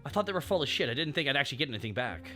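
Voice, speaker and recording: A laid-back young man chatting on his stream, cursing casually and laughing easily. His voice is bright, with a lively, swinging pitch. Soft music plays faintly behind him. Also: very fast. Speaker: streamer host.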